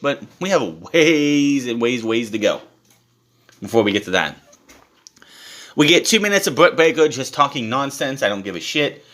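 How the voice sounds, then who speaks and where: A man's voice: mid-range voice, a bit bright. A young man giving a casual, blunt and profane rant as a wrestling show reviewer.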